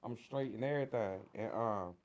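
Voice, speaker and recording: A man with a Detroit accent telling his story in a casual interview, animated and slangy, acting out the voices of people he quotes. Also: lowish voice, moderate pace. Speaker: guest sharing his prison story.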